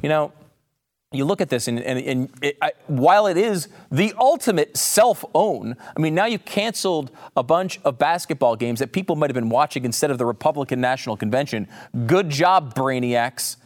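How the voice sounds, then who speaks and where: A man's voice: on the high side, animated, moderate pace. A man hosting an opinionated commentary show, sarcastic and indignant, often restarting his sentences. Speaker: political commentary host.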